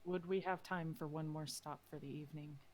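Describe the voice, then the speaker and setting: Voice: medium pitch, fairly even intonation, fairly quick, a little hiss or hum. A player in a tabletop game, casually narrating a character's actions with fillers.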